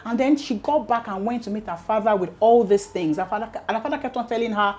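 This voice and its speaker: A woman's voice: fairly high pitch, quick pace, darkish tone. A woman hosting a storytelling show, narrating a family drama in a casual, conversational way. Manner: conversational, acts out quotes. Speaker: storyteller host.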